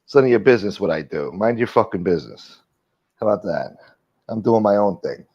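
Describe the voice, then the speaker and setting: A man's voice: fairly low pitch, animated, brisk, husky. A man hosting his own livestream, talking casually in a defensive, profane rant aimed at his critics. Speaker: livestream host. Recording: dull lo-fi stream audio.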